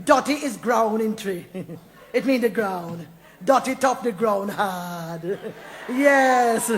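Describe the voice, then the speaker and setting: Her voice high and fairly bright, a Jamaican-accented woman mixes lively talk with recited verse, moving into Jamaican Patois at times. This poet and storyteller is playful and laughs a lot, and there is slight background noise.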